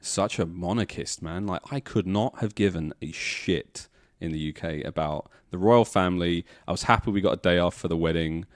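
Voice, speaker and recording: Low-voiced man, casual chat. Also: moderate pace. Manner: laid-back, swears freely. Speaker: podcast guest, comedian.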